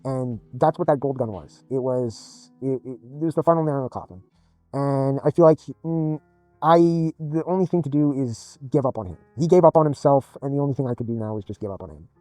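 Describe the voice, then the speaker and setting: A man's voice: medium pitch, a little fast, warm tone, dry recording, faint music behind. A man telling a rambling personal story in blunt, profane, casual speech as a gaming video creator.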